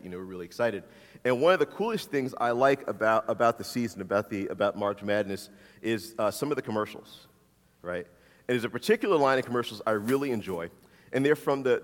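A man preaching a conversational sermon as a pastor, often repeating his questions. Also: lowish voice. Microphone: handheld mic, swapped mid-sermon. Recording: long hall reverb.

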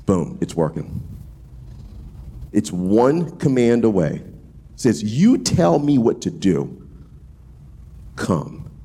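A man preaching a casual sermon, animated and slangy, acting out voices as he goes. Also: lowish voice, takes it slowly, long pauses, slightly rough. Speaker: pastor.

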